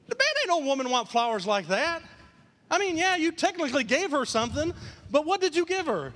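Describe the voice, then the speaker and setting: A man preaching a lively sermon as pastor, acting out quoted voices and repeating key lines for emphasis. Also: very high voice, fairly quick, in a large hall. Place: church.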